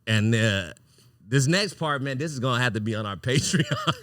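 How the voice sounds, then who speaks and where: Fields: man, podcast host, bright forceful voice. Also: mid-range voice, moderate pace, no echo, clean studio sound. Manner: animated, profane, laughs often mid-story. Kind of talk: casual storytelling.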